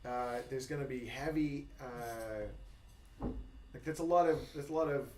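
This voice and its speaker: A man's voice: mid-range voice, unhurried, darkish tone. Male game master, loose and rambling, set back from the mic in a roomy space. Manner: rambling, many fillers, laughs often. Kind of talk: narrating a tabletop game. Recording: echoey room, mic far off, faint noise.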